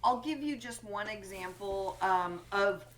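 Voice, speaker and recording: A woman's voice: medium pitch, a little slow, a little hiss or hum. A woman co-parenting coach, a guest on a podcast, explaining her point earnestly. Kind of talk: conversational interview.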